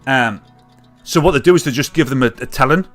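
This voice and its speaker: A British man hosting a live comedy stream, ranting casually with jokes and loud mimicked honks. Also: medium pitch, brisk, faint music behind. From United Kingdom. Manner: chatty, jokey, mimics catcallers with loud honks and whoops. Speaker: livestream comedy show host.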